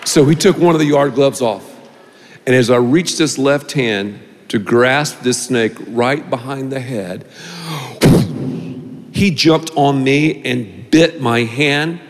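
A middle-aged male pastor preaching a sermon, telling a story with animated delivery and acted-out voices, in a large church auditorium. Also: mid-range voice, takes it slowly, slight background noise. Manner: animated, acts out voices in anecdotes. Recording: long reverb of a large hall.

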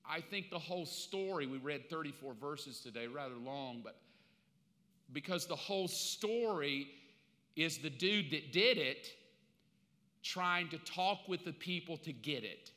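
A man in his fifties preaching a casual, conversational sermon, telling the story in an animated way with slangy asides. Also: a little high, measured pace. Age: 50s. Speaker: pastor. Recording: long reverb of a large hall.

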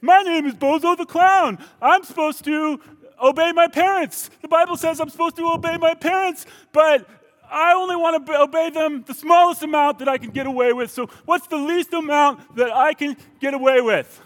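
A man voicing a silly clown who asks for the least he must do, in a high put-on voice. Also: moderate pace, a bit bright, long reverb tail. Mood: whiny. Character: male clown, a lazy dad, kid, Christian doing the bare minimum.

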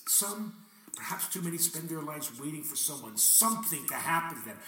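High, lively man in an echoey room. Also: a little fast. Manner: theatrical, questioning, wry, with bursts of swearing. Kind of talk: dramatic spoken monologue addressed to God. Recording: echoey room, mic at a distance, faint noise.

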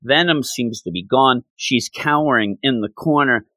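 A man casually recapping a comic book story, explaining it in an animated way and slipping into the characters' lines. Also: mid-range voice, moderate pace, dry recording. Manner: animated, acts out quoted lines.

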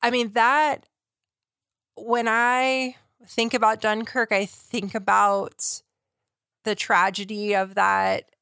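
Slow, gravelly-voiced woman co-host. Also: on the high side, little pitch movement, a bit bright, no room sound, clean studio sound. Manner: thoughtful, searching for words. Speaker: podcast co-host. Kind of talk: casual film discussion.

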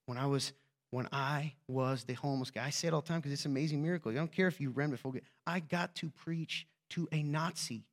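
A man's voice: on the high side, brisk. A man preaching a conversational sermon as a pastor, joking and often asking his listeners "right?".

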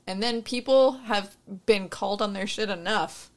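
A woman's voice: mid-range voice, normal speed, creaky, hardly any pauses. A young woman, a barista, chatting frankly and swearing freely as she tells a story. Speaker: barista, podcast co-host. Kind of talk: casual chat, storytelling.

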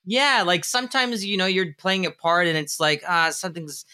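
A man's voice: high voice, expressive, moderate pace, pushed and bright, smooth. A man hosting an interview podcast, chatty and thinking aloud through long questions. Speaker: podcast host. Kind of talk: casual interview talk.

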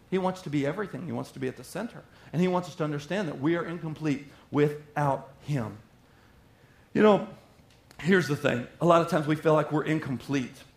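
A man preaching a sermon in an animated way, slipping into little acted-out voices of everyday people. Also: on the high side. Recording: roomy echo.

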